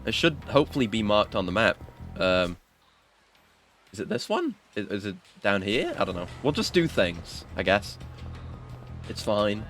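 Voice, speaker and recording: A man's voice: lowish voice, big pitch swings, moderate pace, long pauses, fairly bright tone, soft background music. A man giving casual, rambling, self-mocking commentary while playing a video game. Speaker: game streamer.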